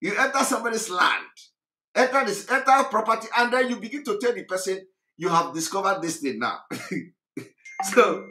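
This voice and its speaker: A man's voice: high voice, lively intonation, normal speed, pushed and bright. A man from southeastern Nigeria with a Nigerian accent, giving an impassioned political monologue, mocking and fiery, laughing between his points. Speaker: political activist broadcaster. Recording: roomy echo.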